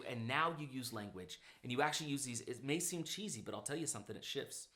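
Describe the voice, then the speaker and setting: A man's voice: mid-range voice, quick pace, few pauses. A man who works as a motivational speaker, telling stories in a casual conversation and acting out his own inner thoughts. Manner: animated storyteller, acts out his own inner dialogue.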